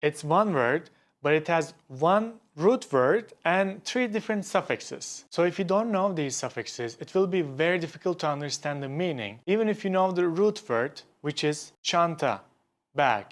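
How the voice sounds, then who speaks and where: In an online lesson, a male teacher who is a native Turkish speaker explains patiently and repeats example words slowly. His voice is a little high, with lively intonation.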